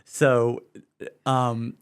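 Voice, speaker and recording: A man's voice: mid-range voice, completely flat delivery, smooth. A middle-aged man with a West Virginia Southern accent, co-hosting a leadership podcast in an earnest, conversational way. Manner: slow, earnest, repeats words while reasoning.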